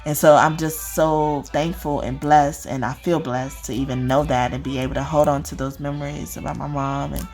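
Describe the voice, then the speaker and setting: A woman's voice: low voice, steady tone, normal speed, hardly any pauses, a little mellow, faint music behind. A woman who reads spiritual messages, chatting casually to viewers in a rambling way, full of fillers and laughter. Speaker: spiritual reader.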